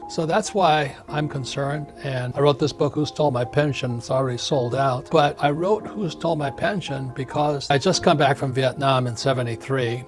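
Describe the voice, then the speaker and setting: A man's voice: medium pitch, normal speed, few pauses. Blunt older American man in his 70s, mid-range voice, emphatic interview guest over background music. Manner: blunt and emphatic, repeats words for stress. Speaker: author being interviewed as a guest.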